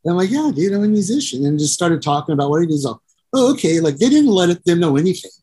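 This middle-aged man, a musician and producer, speaks very fast in a fairly high, warm, husky voice with lively intonation. In a casual interview he rambles through long profane stories, doing the voices of the people involved and repeating "you know."

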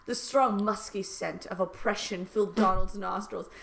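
Woman deadpan-reading smutty satire aloud. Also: medium pitch, moderate pace, gravelly. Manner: dry deadpan reading, cracking up at the text. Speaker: podcast co-host reading fan fiction aloud. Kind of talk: comic read-aloud with banter.

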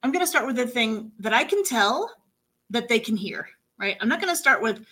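Woman accent coach on community radio, bright and a little high, animated and affirming. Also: a little fast. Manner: animated, many affirming mm-hmms. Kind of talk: casual radio conversation.

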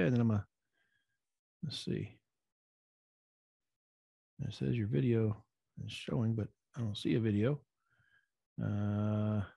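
A man's voice: mid-range voice, gravelly, fairly bright tone, dry recording, clean studio sound. A man hosting a sales meeting on a video call, announcing results in an upbeat way.

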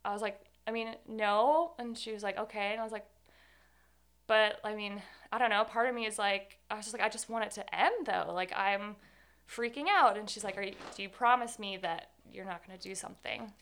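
A woman's voice: mid-range voice, steady tone, brisk, fairly bright tone, clear, resonant tone. A young woman in her twenties, a guest telling her own story in an interview, candid and earnest, with many "like"s. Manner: candid, earnest, says 'like' often.

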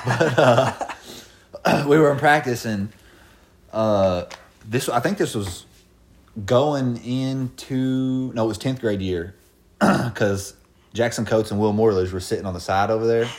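This podcast co-host is a man in his twenties with a mid-range voice, speaking a little slowly and pausing often. He swaps stories in a casual conversation, cursing liberally and breaking into laughter in a lively, foul-mouthed way.

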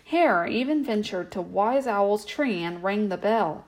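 Storyteller: a woman with a gentle, even bedtime reading voice. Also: mid-range voice, a little slow, low-quality recording.

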